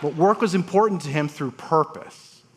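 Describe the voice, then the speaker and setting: A man, a transplant surgeon, telling stories on a conference stage with dramatic pauses and voiced quotes. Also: fairly high pitch. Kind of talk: storytelling talk on stage. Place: conference stage before an audience.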